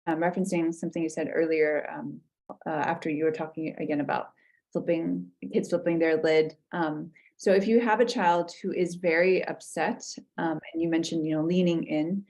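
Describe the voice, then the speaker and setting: A woman's voice: lowish voice, darkish tone. A woman hosting a talk show, asking questions hesitantly with many fillers. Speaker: host relaying audience questions.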